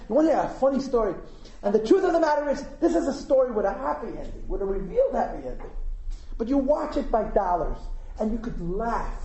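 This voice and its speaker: A man teaching at an informal Hasidic gathering, an animated storyteller who fires rhetorical questions and chuckles at his own asides. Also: very high-pitched, a little hiss or hum. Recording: echoey room.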